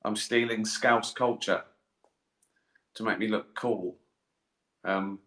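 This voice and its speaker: Self-mocking comedian, bright voice. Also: male voice, lowish voice, steady tone, slow pace, long pauses. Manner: rambling, self-mocking, swears freely, laughs at himself. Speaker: comedian answering fan questions. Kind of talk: casual live-stream chat. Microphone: webcam or phone mic. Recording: echoey room.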